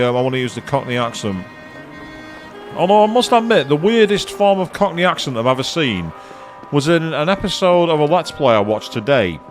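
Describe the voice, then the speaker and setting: A man giving casual live commentary on a video game, chatting to viewers and swearing now and then. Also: a little high. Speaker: let's play streamer.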